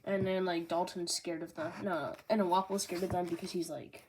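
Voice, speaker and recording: A woman's voice: lowish voice, flat delivery, fairly quick. A young woman reviewing a manga volume in casual chat, bubbly and full of fillers and jokey asides. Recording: noisy home recording.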